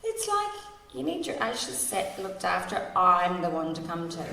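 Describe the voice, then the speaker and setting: A woman's voice: fairly low pitch, wildly swooping pitch, unhurried, creaky, noisy background. A woman in her forties sharing her story at a recovery meeting, candid and wry, laughing through painful memories. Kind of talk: personal share at a recovery meeting. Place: large hall at a convention. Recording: distant, echoey hall recording.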